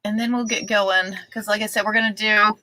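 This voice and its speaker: A woman's voice: medium pitch, flat delivery, a little fast, bright, forceful tone, slight background noise, rough recording. A woman hosting a casual sewing livestream, chatting with viewers by name and talking to her dog between steps.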